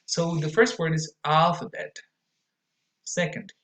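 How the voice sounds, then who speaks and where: A man teaching English pronunciation in a recorded lesson, saying example words slowly and repeating them with stretched vowels. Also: mid-range voice, fairly bright tone.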